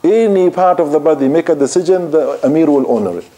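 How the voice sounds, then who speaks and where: A calm Arab soldier envoy, answering plainly and firmly in a warm, mellow voice, voiced by a male lecturer. Steady and unhurried, close to the storyteller's own sound. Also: on the high side, voice pushed up, natural voice.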